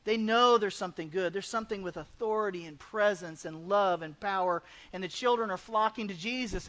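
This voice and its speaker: A pastor preaching a conversational sermon in a church, now and then acting out the people in the story. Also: male voice, sits high, a little fast, few pauses, fairly bright tone. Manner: conversational preaching, acts out quoted voices. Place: church sanctuary.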